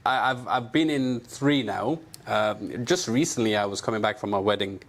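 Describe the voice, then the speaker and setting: A man guest, a doctor, chatting in a relaxed way in an interview with short asides. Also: fairly low pitch, moderate pace, gravelly. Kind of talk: casual interview chat.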